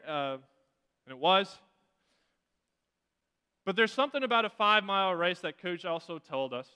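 In a church sanctuary, a pastor preaches a sermon, telling a story earnestly and often restarting his phrases. His high voice is smooth, bright and pushed, and the recording carries the reverberation of the church hall.

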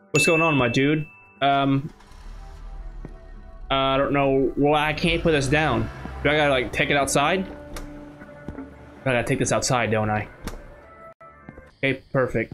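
A US man with a medium-pitched, fairly bright voice chats casually while playing a game, hosting his gaming channel. His let's-play commentary is him thinking aloud, with lots of restarts.

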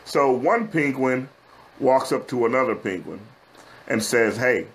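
A middle-aged man with a Texan drawl, talking casually to viewers on a livestream. He is chatty and folksy, with plenty of "uh"s, and keeps calling his audience "guys" in a mid-pitched voice. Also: animated, unhurried. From Texas. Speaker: host of a business advice livestream. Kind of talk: casual live-stream talk to viewers.

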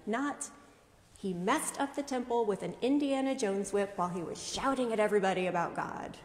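A woman pastor preaches a sermon in a measured, deliberate way, often asking rhetorical questions. Her voice sits a little high and moves unhurriedly. The sound carries a long reverb from an echoey church.

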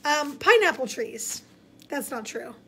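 A young woman teaching a kids' Bible lesson in a bubbly, casual, excitable way. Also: high voice, measured pace. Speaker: children's ministry teacher.

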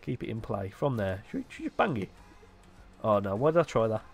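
A young man giving excitable live commentary on his own football video game match, dropping to low mutters between sudden loud outbursts. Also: brisk, creaky, breathy edge, soft background music. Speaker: gaming YouTuber.

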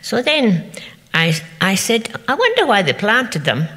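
A woman's voice: mid-range voice, huge pitch swings, a little slow, pushed and bright. An older woman, telling anecdotes to an audience and acting out the people she quotes. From Scotland. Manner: chatty anecdotal storytelling, acting out quoted voices. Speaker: festival speaker. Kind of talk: storytelling talk to an audience. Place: event venue. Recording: echoey hall.

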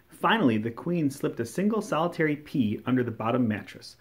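Expressive man reading a storybook aloud. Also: mid-range voice, brisk. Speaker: storybook reader. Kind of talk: children's storybook read-aloud.

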